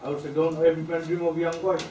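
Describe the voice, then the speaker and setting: A man's voice: fairly high pitch, flat delivery, quick pace, dark tone, a little hiss or hum. A man in the class answering a question from the floor in short, offhand sentences. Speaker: class participant. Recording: echoey room, distant voice.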